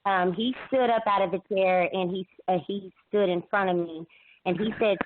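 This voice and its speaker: A woman calling in to a talk show, telling her account haltingly with many restarts and fillers. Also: mid-range voice, fairly even intonation, slight background noise. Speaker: caller. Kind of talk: emotional call-in account. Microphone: phone. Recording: tinny phone line.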